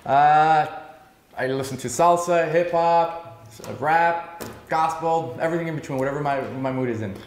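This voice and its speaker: A man in his thirties answering rapid-fire questions, upbeat and emphatic, with frequent filler sounds. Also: fairly high pitch, reverberant. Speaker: real estate broker interviewee.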